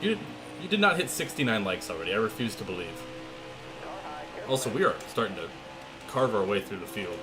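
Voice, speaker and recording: A young man livestreaming a racing game from his room, chatting and joking with his viewers in quick asides. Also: mid-range voice. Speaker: gaming streamer. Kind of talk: live stream chat and play-by-play. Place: home room. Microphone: desk mic with webcam.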